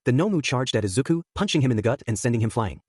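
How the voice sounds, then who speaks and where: A man narrating a fan fiction story aloud in a brisk, expressive way. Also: medium pitch, breathy edge, dry recording, studio quality.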